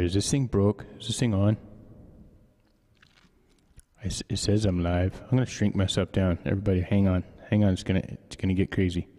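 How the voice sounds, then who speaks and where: A deep, dark-toned man chats loosely on his live stream, wandering from thought to thought and joking as he goes. He keeps adding a playful "eh" to his lines. His voice trails off into a long reverb. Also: fairly even intonation, fairly quick. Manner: rambling, jokey, tacks on a mock-Canadian "eh". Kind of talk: casual live stream chat. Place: home studio.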